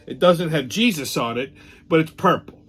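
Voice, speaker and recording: A man's voice: a little high, lively intonation, normal speed. A middle-aged man, hosting a casual monologue show, blunt, profane and ranting. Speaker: podcast host.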